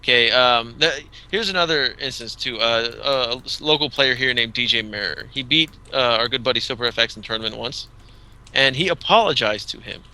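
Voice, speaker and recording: A man hosting a casual gaming podcast, telling rambling, animated stories full of restarts. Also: medium pitch, moderate pace, low-quality recording. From Southern California. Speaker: podcast host. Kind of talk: casual chat.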